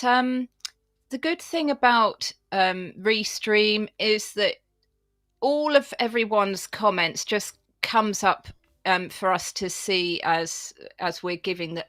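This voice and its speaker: A woman's voice: medium pitch, fairly bright tone, dry recording, studio quality. A woman from England, a guest speaking earnestly and enthusiastically in a casual live-stream chat.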